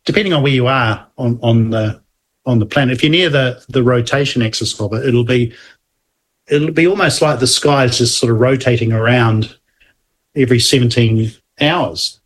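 A husky-voiced man co-hosts a casual science talk. He explains things at length, often restarting his sentences and adding little asides. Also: mid-range voice, moderate pace. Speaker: podcast co-host explaining astronomy.

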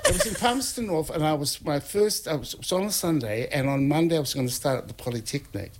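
A man, a guest telling animated anecdotes, laughing often and acting out what people said. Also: fairly high pitch, quick pace. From North Island of New Zealand. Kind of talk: anecdotal storytelling.

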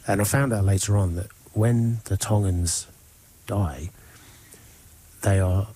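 A man on air, telling a travel story in a casual, animated way. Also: on the low side, takes it slowly, husky. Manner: animated storyteller, mimics voices.

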